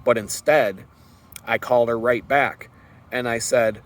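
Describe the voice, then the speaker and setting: A man's voice: medium pitch, steady tone, a little slow. A man vlogging a personal story in an earnest, rambling way, with fillers and restarts.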